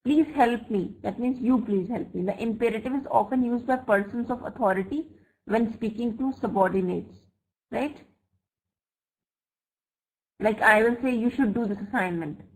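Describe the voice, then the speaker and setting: A woman teaching an online English grammar class. She reads example sentences slowly and checks often with "right?" and "fine?". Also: a little high, darkish tone, rough recording. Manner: slow, deliberate example sentences. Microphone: computer mic for a web class.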